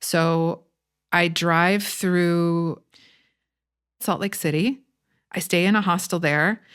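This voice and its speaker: A woman's voice: lowish voice, fairly even intonation, slow, a bit bright, smooth. A woman in her forties from Michigan, a podcast guest telling a story casually and candidly, swearing now and then and laughing at herself.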